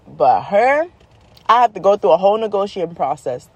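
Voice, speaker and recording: A woman talking casually about her children, exasperated and animated, acting out the quotes as she tells the story. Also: medium pitch, brisk, slightly rough, no room sound. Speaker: mother, vlogger.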